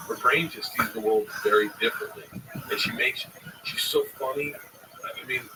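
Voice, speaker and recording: A man in his forties, a comedian, telling profane family stories in casual chat and acting out the quotes. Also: medium pitch. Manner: profane, animated storyteller who acts out quotes. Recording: distant mic, faint background noise.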